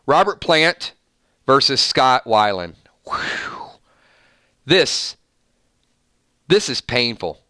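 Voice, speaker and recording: A man hosts a live stream and playfully tallies viewer votes on music matchups. His voice is bright and crisp. It sits close and dry on the mic, with no room sound. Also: medium pitch, takes it slowly, pauses often, dry recording. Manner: playful, animated, reading out votes. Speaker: host.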